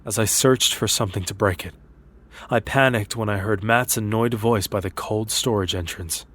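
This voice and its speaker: Low-voiced male horror story narrator. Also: normal speed, fairly bright tone.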